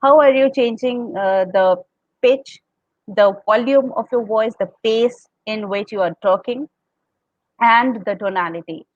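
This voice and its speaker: High-voiced Indian woman coaching speakers. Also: a little slow, darkish tone, no echo, highs cut off. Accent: Indian English. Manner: explanatory, demonstrates tones, laughs often. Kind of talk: podcast talk giving speaking tips.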